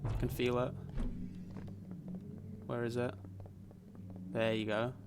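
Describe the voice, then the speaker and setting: A man with a softened Essex accent, chatting casually to viewers while streaming a game, rambling with plenty of fillers. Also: medium pitch, level tone, takes it slowly, music in the background. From Essex, England. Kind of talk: casual live gameplay chat.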